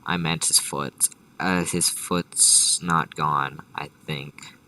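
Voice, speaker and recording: A deep-voiced man spins an improvised comedy story, rambling and swearing, with constant restarts and tangents. His voice is forceful, and he sits a bit back from the mic in a dry room. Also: steady tone, slow pace, dry recording, recorded from a distance, poor audio. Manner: rambling and profane, many restarts and asides. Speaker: storyteller host.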